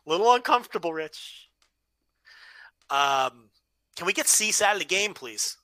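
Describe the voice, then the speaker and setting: A man co-hosting a casual wrestling review podcast, measured and agreeable with wry asides. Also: high-pitched, very animated, pushed and bright, no echo. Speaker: podcast co-host.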